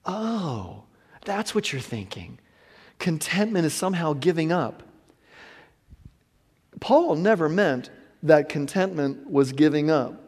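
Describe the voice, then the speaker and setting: A man preaching a sermon as pastor, moving from hushed, whispered passages to loud, shouted exhortation. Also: fairly high pitch, expressive, a little slow, big-room sound.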